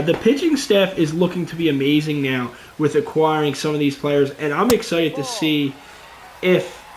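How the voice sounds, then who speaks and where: A young man giving casual let's-play commentary on a baseball video game, excitable and chatty, talking to his viewers as "boys". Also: fairly high pitch, reverberant, a little hiss or hum. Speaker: gaming YouTuber.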